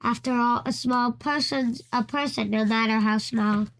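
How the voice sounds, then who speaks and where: A woman voicing a kind, worried male elephant in a read-aloud storybook, in an earnest, halting way. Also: fairly high pitch, fairly even intonation, close to an everyday voice. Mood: anxious.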